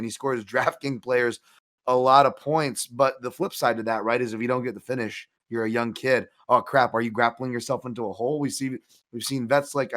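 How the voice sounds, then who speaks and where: A man co-hosts a fight betting show in relaxed, rambling chat. He circles back on his points, restarts sentences and drops asides as he goes. His voice sits at an ordinary middle pitch. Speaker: co-host, MMA analyst. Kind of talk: casual betting analysis chat.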